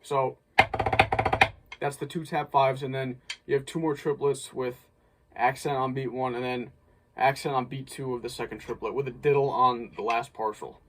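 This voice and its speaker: A man's voice: medium pitch, steady tone, moderate pace, a bit bright, a little hiss or hum. A man casually breaking down a snare drum part as an instructor, thinking aloud with small restarts. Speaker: drumline instructor.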